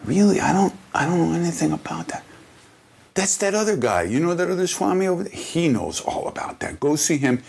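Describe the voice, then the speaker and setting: A man voicing a playful old male guru who feigns ignorance in a high, sing-song voice while telling a spiritual story. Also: big pitch swings, brisk, gravelly, darkish tone, breathy edge, exaggerated voice. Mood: coy, playful.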